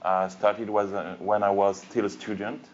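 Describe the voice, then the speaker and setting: A man with a French accent, a cartoonist on a panel, speaking halting English and searching for words. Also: fairly low pitch, level tone, highs cut off. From France. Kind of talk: panel discussion.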